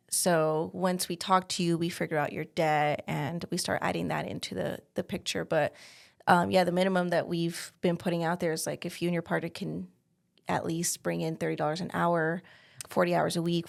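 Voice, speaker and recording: Woman realtor, lowish voice w some fry, chatty, says like a lot. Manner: chatty storytelling with frequent "like" fillers. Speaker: realtor, guest. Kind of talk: casual interview talk.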